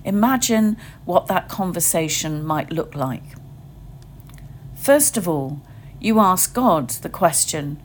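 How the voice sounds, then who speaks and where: A woman giving a reflective sermon, leading listeners through a gentle guided imagining in short, meditative phrases. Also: fairly low pitch, lively intonation, slow, a little hiss or hum. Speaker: preacher.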